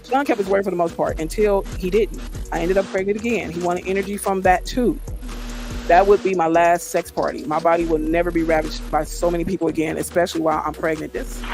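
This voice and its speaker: A man with a fairly high voice reads a memoir aloud for a live reaction stream. His delivery is dramatic, and he breaks off to comment on what he reads. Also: fairly even intonation, fast talker, creaky, darkish tone, faint music behind.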